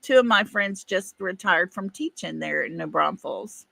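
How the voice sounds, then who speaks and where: Her medium-pitched voice is creaky, bright, and forceful, at normal speed with no room sound. She's a middle-aged woman with an East Texas accent hosting a livestream, reading viewer comments in folksy, casual chat and laughing frequently.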